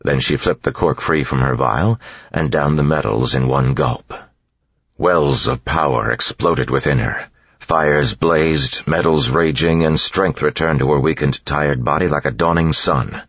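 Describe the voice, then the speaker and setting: A man narrating an audiobook in a steady, measured storytelling voice, in a dull lo-fi recording. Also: a bass voice, no echo. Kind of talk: scripted narration.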